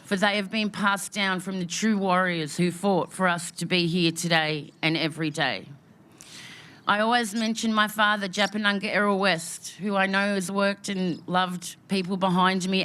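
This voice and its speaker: A woman's voice: mid-range voice, bright, forceful tone. Heartfelt Australian woman giving a ceremonial welcome. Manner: heartfelt, emotional, with rhythmic repeated phrases. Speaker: speaker giving a welcome to country.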